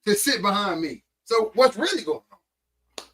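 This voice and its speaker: A man's voice: very high voice, big pitch swings, measured pace, a bit bright, low-quality recording. A man co-hosting a podcast in a casual sports chat, talking in a blunt, slangy, mocking way. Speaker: podcast co-host.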